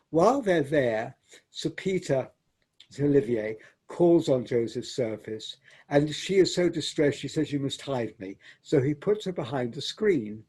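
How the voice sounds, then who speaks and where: A man's voice: on the high side, animated, takes it slowly, darkish tone, husky. An older man, a theatre director, reminiscing in an interview as a reflective storyteller who repeats and restarts words.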